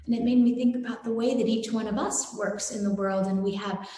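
A woman giving a gentle, devotional sermon and telling a story, with some fillers. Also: on the high side, fairly even intonation, brisk. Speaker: satsang speaker. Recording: very echoey room.

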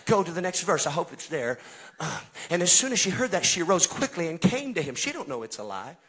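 A man's voice: fairly high pitch, big pitch swings, a little fast, a bit bright, breathy edge. A male pastor, preaching in a church in a folksy way and calling out to his congregation. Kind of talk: Pentecostal-style preaching to a congregation. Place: church sanctuary.

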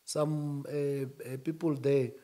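A man speaking as a union-leader guest, emphatic, rising to shouts and then dropping low. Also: little pitch movement, slow pace. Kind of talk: animated interview talk.

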